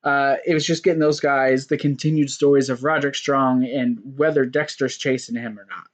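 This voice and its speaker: A man casually recapping a wrestling show, animated, acting out quotes and laughing along. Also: medium pitch, fairly quick.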